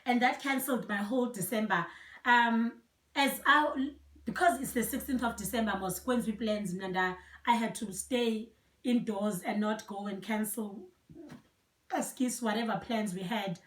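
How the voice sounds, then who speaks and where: A woman's voice: on the high side, normal speed. A young South African woman with a Xhosa accent and Xhosa as her first language, earnestly and reflectively telling a personal story and switching between languages. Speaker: vlogger. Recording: echoey room, voice from a distance.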